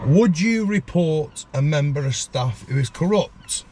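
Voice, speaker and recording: A man's voice: fairly high pitch, lively intonation, measured pace, a little mellow, slight background noise. A man from England co-hosting a casual chat, asking questions in loose, slangy speech and agreeing a lot.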